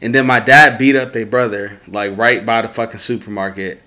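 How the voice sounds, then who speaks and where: A young man in casual chat, telling wild stories and bursting into loud laughter. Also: lowish voice, fairly even intonation, normal speed.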